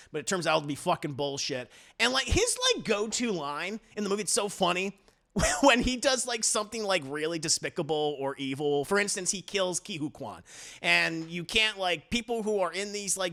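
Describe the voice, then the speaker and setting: A man giving a casual, profane movie review on a live stream, animated and slipping into mock voices for the characters. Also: high-pitched, gravelly. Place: home streaming setup. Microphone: desk mic on a live stream.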